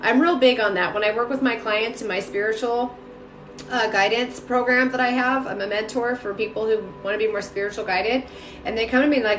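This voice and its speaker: A woman's voice: on the high side, a little fast, roomy sound. A woman giving casual live-stream spiritual readings, chatty, greeting viewers by name and talking with lots of fillers. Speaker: spiritual reader and mentor. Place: home room.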